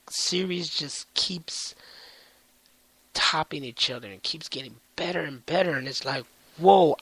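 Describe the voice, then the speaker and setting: A man recapping comics in a casual vlog, excited and rambling with heavy swearing. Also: mid-range voice, gravelly, no echo, poor audio. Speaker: comic book reviewer.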